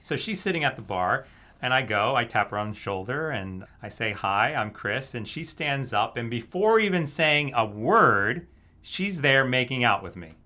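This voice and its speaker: A man's voice: medium pitch, big pitch swings, normal speed, sharp tone, slight background noise. A man casually telling a story, laughing often as he goes. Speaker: guest telling a dating story. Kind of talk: casual anecdote.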